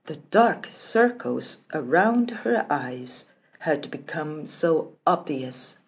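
A woman reading a bedtime fairy tale aloud in slow, expressive storybook narration. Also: low voice.

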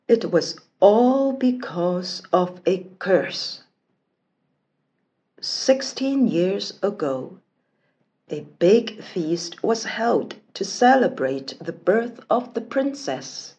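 A woman reading a bedtime fairy tale aloud in slow, expressive storybook narration. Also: medium pitch.

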